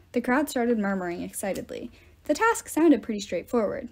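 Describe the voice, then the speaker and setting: A woman reading a novel aloud in a steady storytelling manner. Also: a little high, normal speed. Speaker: reader.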